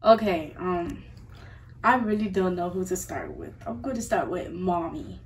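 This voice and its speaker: A woman's voice: on the low side, big pitch swings, measured pace, distant mic, a little hiss or hum. A woman in casual chat, complaining about her family with exasperation.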